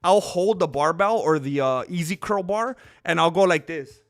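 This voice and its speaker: A man hosting a casual livestream, chatting in a rambling, excitable way and calling viewers dude and bro. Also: fairly high pitch, moderate pace. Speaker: streamer host.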